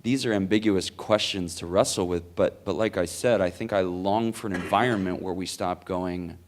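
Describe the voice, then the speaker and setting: Low-voiced male speaker, earnest and rambling Q&A answers, lots of "like"s. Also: normal speed. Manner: earnest, rambling, many likes and restarts. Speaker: conference speaker. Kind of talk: Q&A answer, storytelling. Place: conference hall.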